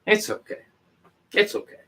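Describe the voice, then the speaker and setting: A man's voice: moderate pace, a bit bright. A man rambling and swearing while chatting with viewers on a livestream. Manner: rambling, profane, ranting at chat. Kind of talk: casual livestream chat.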